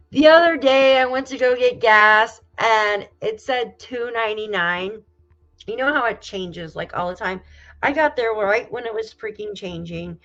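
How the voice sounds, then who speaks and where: Female livestream host from New York State, chatty and exclamatory, middle pitch, slightly dull audio. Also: a bit bright. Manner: chatty and exclaiming, swears casually. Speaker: livestream host reading viewer comments. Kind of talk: casual live chat.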